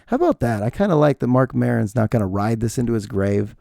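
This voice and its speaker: Male podcast host, forties, gravelly and mellow, rambling casual monologue, dry close sound. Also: medium pitch, sing-song, quick pace, no room sound. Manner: rambling, chatty and self-deprecating.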